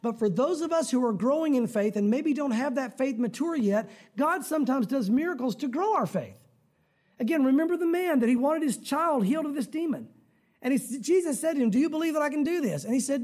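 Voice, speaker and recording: A man preaching a conversational sermon, acting out prayers and voices with sudden shouts. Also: very high voice, animated, fairly quick. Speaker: pastor.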